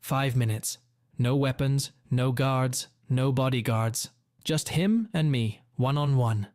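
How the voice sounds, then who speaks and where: A man voicing an angry middle-aged father, blunt and determined, giving forceful retorts in a dry, close read. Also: medium pitch, slow pace, no room sound, lightly acted.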